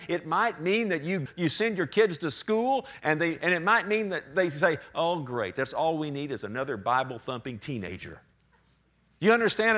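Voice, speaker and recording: A man preaches to his church in an animated style, pushing his slightly high voice up for emphasis and then sinking to a near-whisper. He breaks into little acted voices of people from his stories as he talks. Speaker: pastor. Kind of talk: sermon.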